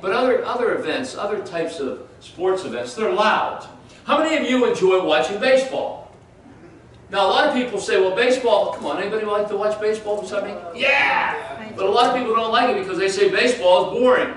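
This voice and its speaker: High-voiced preacher in an echoey church. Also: male voice, animated, brisk, fairly bright tone. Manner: conversational preaching with audience questions. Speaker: pastor. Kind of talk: sermon. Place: church sanctuary. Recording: echoey church room from far off.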